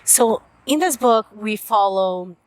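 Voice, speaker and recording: A woman's voice: mid-range voice, animated, takes it slowly, no room sound. Woman booktuber, heartfelt and earnest, mid-range voice, dry close sound. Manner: earnest, emotional, tearful at moments. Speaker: book reviewer. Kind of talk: casual book review vlog.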